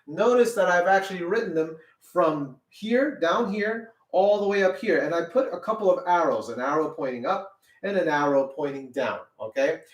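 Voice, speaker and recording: A man with a high speaking voice teaches a children's music lesson, checking in with "okay?" at every step. He sounds a little away from the mic in an echoey room, with a piano heard now and then. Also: expressive, normal speed, distant mic, muffled recording. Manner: encouraging, repeats "okay?" often.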